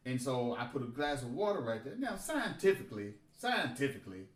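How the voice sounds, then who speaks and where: A man telling a profane, animated story in casual podcast chat. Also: mid-range voice, fairly quick. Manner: animated, profane, emphatic retelling. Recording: roomy and distant from the mic.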